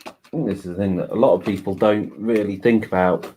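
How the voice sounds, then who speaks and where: A man co-hosting a home livestream speaks fairly quickly in a low, steady, dark-toned voice. As he builds, he chats casually and explains at length, peppering it all with "you know," while faint noise runs in the background.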